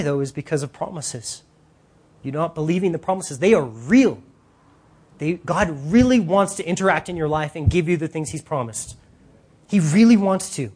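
A man preaching a sermon in an animated, casual way, using slang and acting out voices. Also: a little high, husky.

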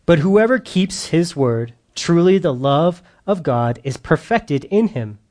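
Animated man giving a parenting sermon. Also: on the high side, slow. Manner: animated storyteller, acts out his own outbursts loudly. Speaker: parenting seminar speaker. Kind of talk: church parenting talk with humor.

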